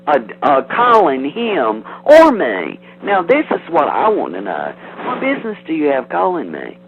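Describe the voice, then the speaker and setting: Man, heated prank-call target, lively pitch, tinny phone line with hiss. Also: normal speed, few pauses. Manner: defensive, threatening, rambling with restarts.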